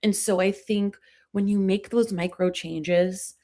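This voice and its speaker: Podcast guest: a woman with a Long Island accent, mid-pitched, animated and self-deprecating. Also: unhurried. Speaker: guest, comedian and brand strategist. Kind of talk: casual podcast conversation.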